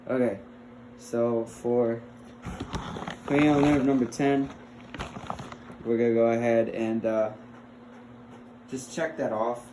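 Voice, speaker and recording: Young guy student demo, unhurried, laughs a lot, echoey room, faint hiss. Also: mid-range voice, steady tone, warm tone. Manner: chatty and fumbling, laughs often, coaxes his dog. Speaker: health assessment student. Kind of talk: casual recorded skills demonstration. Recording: roomy with faint noise.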